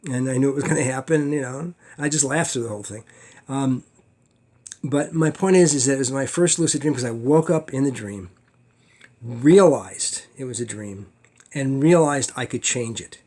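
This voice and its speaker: A man's voice: mid-range voice, normal speed. Man telling a dream story in class. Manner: animated, acts out his own panicked thoughts. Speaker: teacher. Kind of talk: casual storytelling lecture.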